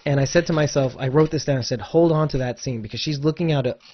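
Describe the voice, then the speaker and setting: A man hosting a casual podcast chat, talking in a rambling, animated way with lots of restarts and fillers. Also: mid-range voice, fast, highs cut off. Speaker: podcast host.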